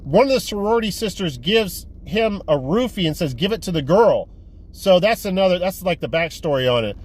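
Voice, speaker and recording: A man's voice: sits high, fairly quick. A man giving a casual movie haul review, rambling and swearing as he retells a plot. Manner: rambling, profane, animated retelling. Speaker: movie collector vlogger.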